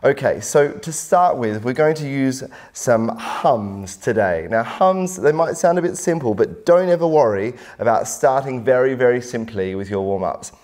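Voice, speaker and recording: A man working as a vocal coach, calmly explaining and demonstrating a singing warm-up in an instructional lesson. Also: mid-range voice, normal speed, few pauses. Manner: calm, encouraging explanations with sung demonstrations.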